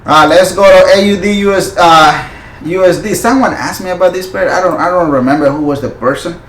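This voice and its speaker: Man, forex stream host, excitable, loud hype bursts, non-native phrasing, slightly high voice, roomy echo. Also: brisk, a little hiss or hum. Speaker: forex trading channel host. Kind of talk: live market analysis stream.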